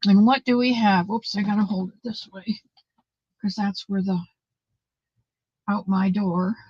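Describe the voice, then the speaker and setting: A woman's voice: mid-range voice, fairly even intonation, measured pace, darkish tone, slightly rough, no room sound, highs cut off. A woman hosting a casual live stream, greeting viewers by name and chatting about recipes. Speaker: livestream host.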